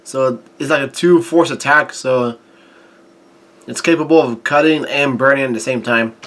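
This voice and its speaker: A man's voice: medium pitch, a bit bright. A man recapping and reading a comic chapter aloud, often stopping, restarting and adding his own remarks along the way. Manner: halting, with frequent restarts and fillers. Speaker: manga reviewer.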